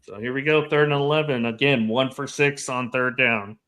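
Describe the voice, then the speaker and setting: A man co-hosting a watch-along, giving steady casual play-by-play of a football game. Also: medium pitch, moderate pace. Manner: steady play-by-play, agrees with short acknowledgements.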